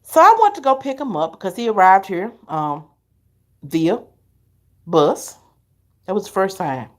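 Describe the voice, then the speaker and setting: A middle-aged woman, hosting a live stream and telling her viewers stories in an animated, chatty way, laughing often. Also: medium pitch, a little slow. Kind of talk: casual storytelling to viewers.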